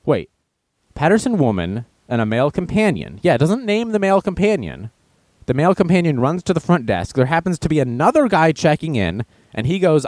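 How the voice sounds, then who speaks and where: A man's voice: mid-range voice, lively intonation, a little fast, darkish tone, dry recording. A man hosting a casual news show, reading stories aloud and mocking them with sarcastic asides. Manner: sarcastic, mocking with put-on voices; reads headlines then riffs on them. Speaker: show host.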